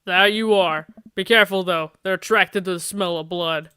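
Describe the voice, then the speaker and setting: A man voicing a gruff, laconic middle-aged man with a secretive, deadpan manner. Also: sits high, normal speed, no echo, studio quality.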